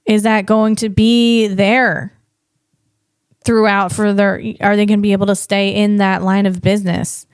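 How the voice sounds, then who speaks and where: Slow-talking woman podcast host. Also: medium pitch, flat delivery, clear, resonant tone, no echo, studio quality. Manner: rambling, self-correcting, laughs at herself. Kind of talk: casual solo podcast talk.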